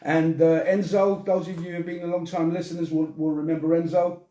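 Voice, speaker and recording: A man's voice: fairly high pitch, little pitch movement, fairly quick, mellow. An older man hosting his podcast in a loose, chatty way, swearing freely and laughing often. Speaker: podcast host. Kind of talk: casual chat. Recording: echoey room.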